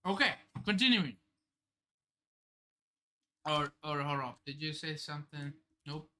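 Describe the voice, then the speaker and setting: Slow-talking bright-voiced woman streamer. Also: low voice. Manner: exclaims, swears and laughs, thinking aloud. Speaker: streamer hosting a live manga reaction. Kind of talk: excited live reaction commentary.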